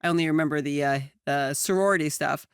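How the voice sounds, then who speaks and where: A woman co-hosting a podcast, chatting casually about a sitcom episode, animated and laughing often. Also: fast, clear, resonant tone, dry recording, studio quality. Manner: animated, laughs often, jumps to high excited pitch. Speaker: podcast co-host.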